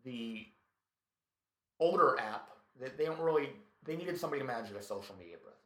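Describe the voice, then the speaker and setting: A male comedian telling a story in casual chat, profane and animated, acting out what people said. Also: mid-range voice, rapid-fire. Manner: profane, animated, tells stories with acted quotes. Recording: echoey room.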